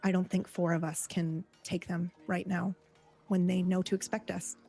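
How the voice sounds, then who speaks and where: A woman's voice: fairly low pitch, little pitch movement, moderate pace, gravelly, dark tone, faint music behind. A woman voicing a blunt, cautious adventurer who speaks plainly and practically. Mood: wary.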